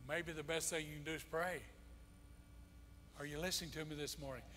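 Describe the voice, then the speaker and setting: Male preacher, a touch high, impassioned and repetitive sermon delivery, sanctuary echo. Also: steady tone, a little fast, bright, forceful tone, slight background noise. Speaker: pastor. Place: church sanctuary. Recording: long church-hall reverb.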